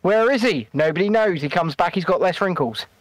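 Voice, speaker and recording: A high-pitched man co-hosting a laid-back podcast, chatting casually and sliding into goofy impressions and snatches of song. The recording is dry and close, with no room around him. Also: lively intonation, brisk, no echo, poor audio. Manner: playful, breaks into silly voices and songs. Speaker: podcast co-host. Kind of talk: casual chat.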